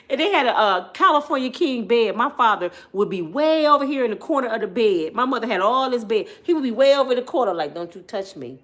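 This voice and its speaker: In a relaxed vlog, a chatty middle-aged woman talks straight to her audience about her family, full of energy and frequent laughter. Her voice runs slightly high.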